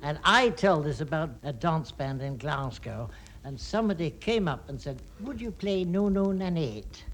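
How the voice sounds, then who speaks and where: A man's voice: a little high, animated, normal speed, fairly bright tone. A man on a comedy radio panel, jovial and telling anecdotes. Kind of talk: radio panel show banter. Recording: hissy 1960s radio broadcast.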